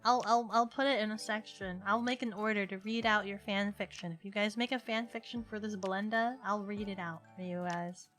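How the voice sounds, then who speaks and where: Bright, playful young woman streamer. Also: medium pitch, fairly quick, hardly any pauses. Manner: playful and excitable, bursting into laughing shouts. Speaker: livestreamer. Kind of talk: casual stream chat. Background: faint music.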